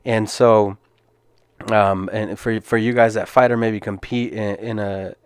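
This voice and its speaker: A man's voice: on the low side, steady tone, unhurried, clean tone, dry recording, studio quality. Earnest man telling a fight story. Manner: earnest, casual, many restarts and repeated words. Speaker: podcast host and MMA fighter. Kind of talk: personal storytelling.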